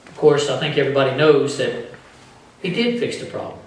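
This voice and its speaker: A man preaching a sermon as pastor, with animated delivery that acts out the voices of the people in his story. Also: medium pitch, fairly quick. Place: church sanctuary. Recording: echoey church from far off.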